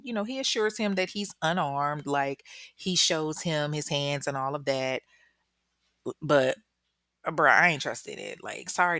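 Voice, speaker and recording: A woman telling a true-crime story in a low, close, dry voice. Her delivery is chatty and slangy, salted with profanity and ad-libbed commentary. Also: a bit bright, no room sound. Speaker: podcast host.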